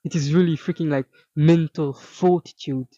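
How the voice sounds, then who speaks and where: A man's voice: a little high, steady tone, moderate pace, dark tone, no echo. A young man giving an intense, profane motivational monologue for his fitness vlog, rambling with lots of fillers. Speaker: fitness vlogger. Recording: dull lo-fi dry sound.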